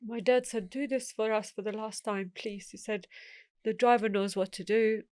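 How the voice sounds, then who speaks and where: A woman's voice: medium pitch, fairly even intonation, moderate pace, a little mellow, no room sound. Middle-aged woman telling her story in an interview, does the voices of people she quotes, dry close sound. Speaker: guest.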